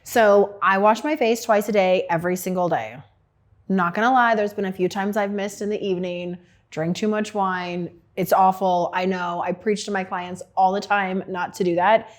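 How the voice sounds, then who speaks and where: A middle-aged woman who works as an esthetician talks casually and frankly about her skincare routine, using plenty of fillers. Her mid-range voice has fairly even intonation and a moderate pace.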